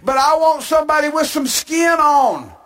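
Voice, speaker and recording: A man playing a frightened little boy who calls out for his daddy during a storm, pleading loudly. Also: very high voice, animated, moderate pace, pitched above the performer's own voice. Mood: plaintive.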